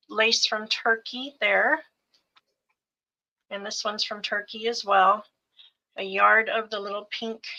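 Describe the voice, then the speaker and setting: Female co-host of a live craft sale: unhurried, bright tone, fondly itemizing each bundle. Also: on the high side, gravelly, low-quality recording. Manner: gentle, fond, lists items piece by piece. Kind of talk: live sales show, describing fabric bundles.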